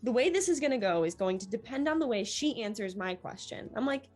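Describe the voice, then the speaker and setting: A young woman, a newly accepted medical student, tells her story in an interview in an animated way, acting out the dialogue she quotes. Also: on the high side, a little fast, faint music behind.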